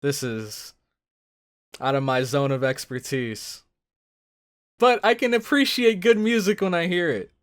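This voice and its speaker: A man giving casual reaction commentary, thinking out loud with lots of fillers and breaking into loud excited exclamations. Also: on the high side, measured pace, long pauses, clean tone. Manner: thinks aloud with many fillers. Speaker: anime reaction host.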